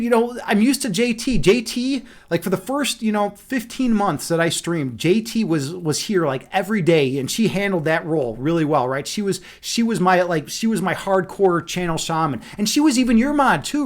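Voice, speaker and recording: A young man with a fairly high voice hosts a livestream, talking off the cuff to his chat. He rambles and circles back, stacking filler words and restarting sentences as he goes. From Chicago, USA. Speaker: livestream host. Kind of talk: casual chat reading a live chat.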